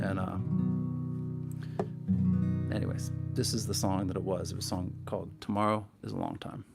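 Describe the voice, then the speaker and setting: A man's voice: on the low side, vocal fry. A singer-songwriter chatting casually to a livestream audience from his living room, rambling and thoughtful with many restarts. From Minnesota. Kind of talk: casual chat between songs.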